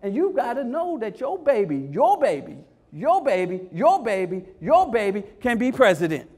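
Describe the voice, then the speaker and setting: A man leading a parent workshop, talking with lively call-and-response energy and repeating his key phrases for emphasis. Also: sits high, normal speed. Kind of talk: energetic motivational workshop talk.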